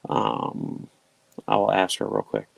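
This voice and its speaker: A man with a deep, creaky voice and big pitch swings speaks slowly while hosting a casual charity art auction livestream. He jokes around and reads the item blurbs aloud, and the lo-fi audio has no echo.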